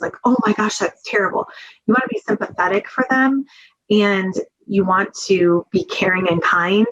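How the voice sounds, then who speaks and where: A woman's voice: fairly low pitch, a bit bright, highs cut off, a little hiss or hum. A woman giving a webinar training talk in an earnest, conversational way, with many fillers, over a video call. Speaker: webinar presenter.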